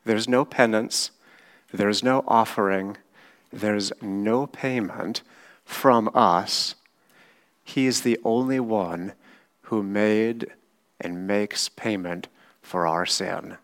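A man preaching a sermon, teaching slowly and often checking in with his listeners with a quick "right?". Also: fairly low pitch, fairly bright tone. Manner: slow, measured teaching with frequent "right?" checks. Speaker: pastor.

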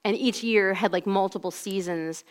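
A woman in her forties recounts a personal faith story in a relaxed, conversational way. She leans heavily on "like" and "you know" as she talks, and her voice sits at an ordinary pitch for a woman. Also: moderate pace. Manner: conversational, heavy use of "like". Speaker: speaker giving a personal testimony. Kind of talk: casual spoken storytelling.

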